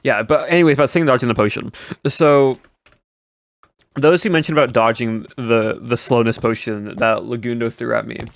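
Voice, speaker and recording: Young man, livestreamer, casual rambling chat, answers viewers, middle pitch. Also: fairly even intonation, moderate pace, gravelly, dry recording.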